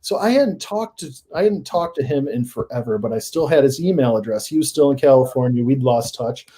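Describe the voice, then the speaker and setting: Guy on a paranormal podcast telling stories, gets excited, kinda mellow warm voice. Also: medium pitch, a little fast. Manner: animated, rising to excited emphasis. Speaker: guest paranormal investigator. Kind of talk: casual storytelling in a podcast interview.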